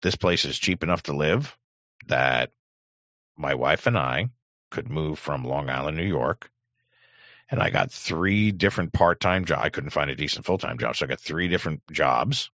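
A man's voice: a bass voice, expressive, normal speed, a bit bright, dry recording, dull audio. A middle-aged man hosting a livestream, reading chat aloud in a sardonic, rambling way with many fillers. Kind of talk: casual livestream commentary.

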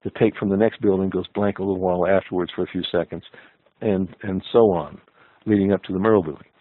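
Low man on a tinny phone-like line. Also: fairly even intonation, fast, no echo. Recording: phone-like dry sound.

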